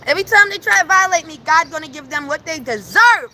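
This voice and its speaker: Animated high-voiced woman telling a story. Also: quick pace, slight background noise. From New York. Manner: animated, emphatic storytelling with laughter. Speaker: live streamer. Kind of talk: casual storytelling on a livestream. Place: at home.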